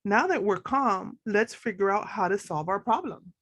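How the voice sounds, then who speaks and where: Lady doing a chill wise prefrontal cortex from a kids' story, steady and kind. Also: medium pitch. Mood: calm. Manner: calm, measured.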